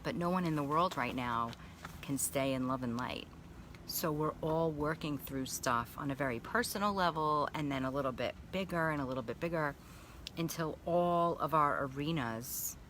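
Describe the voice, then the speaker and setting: A woman with a low voice talks frankly on a live stream and swears freely as she reflects on her own feelings. She breaks off now and then to welcome viewers by name, and there is a faint hiss behind her. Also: a bit bright. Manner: candid, profane, self-reflective, greets viewers by name. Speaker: spiritual coach. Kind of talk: live video monologue. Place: sitting in a baby pool.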